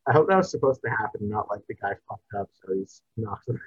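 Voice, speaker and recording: Husky-voiced man rambling about movies. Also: lowish voice, animated, fast talker, dry recording. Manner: rambling, restarts, drops into a mumble at ends. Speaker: podcast co-host. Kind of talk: casual movie review chat. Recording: dull, dry podcast mic.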